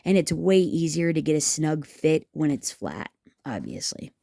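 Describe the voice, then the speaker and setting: A woman's voice: low voice, sing-song, a little slow, creaky, background noise. A woman hosting a craft tutorial, chatting and rambling to her viewers as she works, teasing herself along the way. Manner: rambling, talks to viewers as "guys", self-teasing. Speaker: craft video host.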